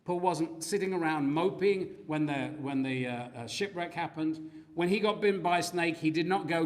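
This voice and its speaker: A man's voice: on the high side, normal speed. A man preaching a sermon in a church, telling stories with acted-out quotes. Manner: animated storytelling with acted quotes.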